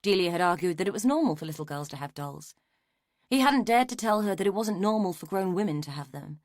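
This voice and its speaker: This is scripted narration of a mystery audiobook by a woman with a lowish voice. She keeps a measured, even storytelling manner, and the studio sound is clean with no room sound.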